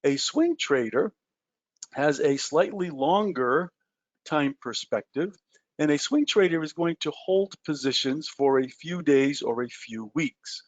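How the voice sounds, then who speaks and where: A man's voice: fairly high pitch, animated, measured pace, no echo, muffled recording. A man teaching a trading webinar at a whiteboard, talking loosely with lots of ums and uhs and self-mocking jokes.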